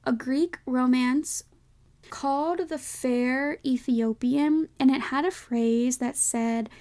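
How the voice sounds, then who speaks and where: Chatty young woman with gravelly fry. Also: high-pitched, slow pace, mellow. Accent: light Southern American. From American South. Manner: chatty, many "like" fillers, self-questioning asides. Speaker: podcast host. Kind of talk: casual solo podcast talk.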